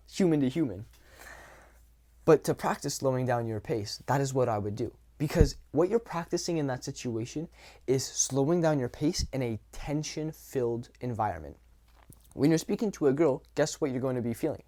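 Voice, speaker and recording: A young man talks straight to camera in a casual coaching style. He is blunt, drops the odd swear word and breaks off to act out little examples. His pitch sits in the middle for a man. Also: a little mellow. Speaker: dating coach. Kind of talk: casual talking-head advice.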